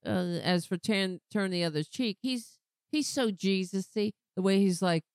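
A woman hosting a casual political commentary show, talking sarcastically and rambling, her voice going hoarse. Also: medium pitch, a little mellow, dry recording. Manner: sarcastic, rambling, slow-paced. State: losing her voice, clearing throat. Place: home, pet on lap.

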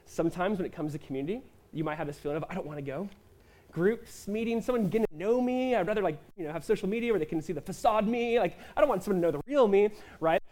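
Casual-toned preaching man, fairly high voice. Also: animated, a little mellow. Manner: conversational preaching with quick asides and acted-out quotes. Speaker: pastor. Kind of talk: sermon.

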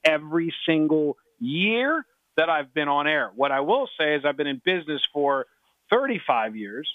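Excitable middle-aged man on a tinny phone line. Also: on the high side, normal speed, no room sound. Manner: excitable, repeats himself, talks over others. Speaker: sports betting handicapper. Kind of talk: sports radio talk.

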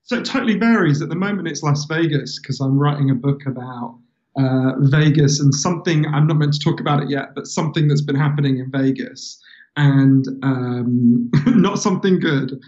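Guest author, English man with a London accent, somewhat higher voice, lively storyteller, muffled remote-call sound. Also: normal speed. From England. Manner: animated, chatty storyteller, laughs often. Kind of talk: casual interview chat.

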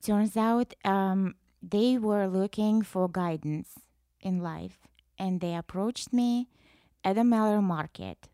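A woman's voice: medium pitch, takes it slowly, dry recording, clean studio sound. A woman from Russia, a guest telling brash, profane stories in a casual podcast interview. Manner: brash, profane, animated storytelling.

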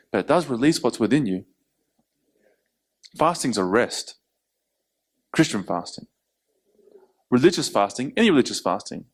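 A man preaching a sermon in an animated way, acting out quoted voices. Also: mid-range voice. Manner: animated, acts out quotes, laughs between points.

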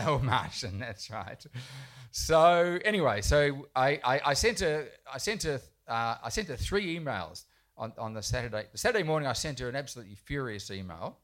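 A man's voice: medium pitch, lively intonation, moderate pace, a bit bright. A man who writes poems for children tells a rambling, self-deprecating anecdote to a live audience in a bookshop, with frequent restarts. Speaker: children's poet speaking at a festival panel. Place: bookshop event space, indoors.

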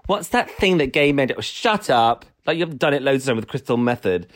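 A man's voice: mid-range voice, very animated, fairly quick. A man co-hosting a podcast, rambling casually and laughing often. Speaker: podcast co-host. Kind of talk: casual chat.

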